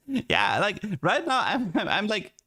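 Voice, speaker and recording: Young man, streamer, casual chat, slightly high voice, stammering, rambling. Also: sharp tone, slightly rough. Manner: rambling, stammering, repeats words, laughs often.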